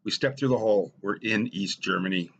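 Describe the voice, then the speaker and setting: A middle-aged American man telling wry personal stories in a dry, deadpan stand-up style. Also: fairly low pitch, fairly quick, gravelly, highs cut off, a little hiss or hum. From United States. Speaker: storyteller.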